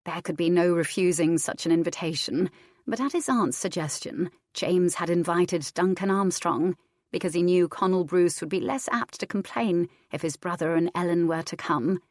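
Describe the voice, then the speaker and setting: A woman reads a historical romance aloud in a steady, measured voice. Her tone sits low, and the recording is dry and close, with no room sound. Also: no echo. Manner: steady, even reading. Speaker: audiobook narrator. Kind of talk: scripted narration.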